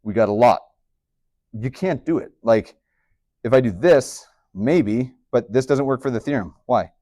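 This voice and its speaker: A man teaching a high school math class, chatty and upbeat, with joking asides to his students. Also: animated, measured pace, dark tone, dry recording, studio quality. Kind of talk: classroom lecture.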